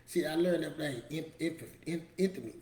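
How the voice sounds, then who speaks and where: A man's voice: on the high side, normal speed, mellow. Emphatic middle-aged man in a roomy space. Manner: emphatic, repetitive, colloquial, preachy. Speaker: motivational show host. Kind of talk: casual motivational talk. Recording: roomy echo with faint ambience.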